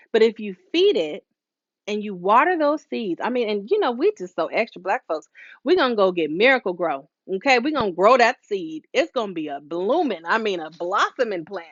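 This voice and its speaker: In a dry, dull-sounding recording, a woman with a mid-range, slightly bright voice leads a live motivational talk as a hair stylist. She preaches in a casual way, drifting into fillers and asides and voicing the people she quotes.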